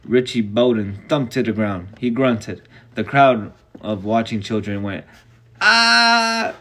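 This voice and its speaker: A man's voice: fairly low pitch, steady tone, unhurried. A man reading a novel aloud live, casual and reactive, sometimes swearing between passages. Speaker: reader.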